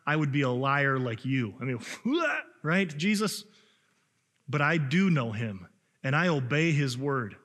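A male pastor preaching a sermon, reading scripture aloud and stressing key words with a rising voice. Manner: animated, rises in pitch for emphasis, reads scripture aloud. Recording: long hall reverb.

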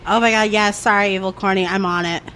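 A woman co-hosting a podcast in casual chat, bubbly and quick to react. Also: medium pitch, steady tone, bright, forceful tone, a little hiss or hum.

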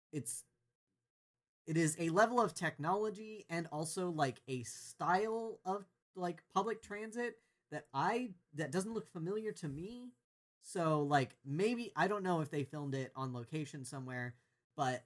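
Brief: thoughtful co-host who rambles as they think, everyday mid-pitched voice. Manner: thoughtful, rambling, many fillers. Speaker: podcast co-host. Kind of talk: casual chat.

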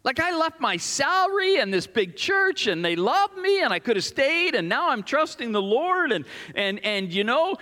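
A man preaching a sermon as a pastor, telling a personal story in an earnest, animated way. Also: very high-pitched, normal speed, hardly any pauses. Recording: long hall reverb.

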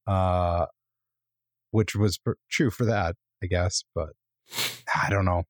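A man's voice: sits low, fairly even intonation, takes it slowly, no echo, clean studio sound. A man co-hosting a podcast, rambling and opinionated, full of fillers. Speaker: podcast co-host. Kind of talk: casual chat.

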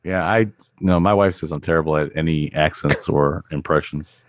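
Male co-host, very low voice, laid-back self-mocking chatter, dry mic. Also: dry recording. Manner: easygoing, self-deprecating, drawn-out storytelling. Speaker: podcast co-host. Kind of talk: casual podcast chat.

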